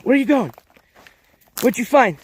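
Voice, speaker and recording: Man, high voice, casual walk-and-talk streamer, coaxes his dogs, outdoor riverbed with dogs around. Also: lively intonation, unhurried, husky. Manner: chatty, coaxing his dogs in a raised voice. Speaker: livestream host. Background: dogs moving about outdoors.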